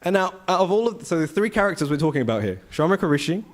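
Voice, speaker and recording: A man giving a conversational scripture class at a temple, telling the story with rhetorical questions and animated asides. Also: high voice, racing. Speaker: temple speaker. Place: temple hall.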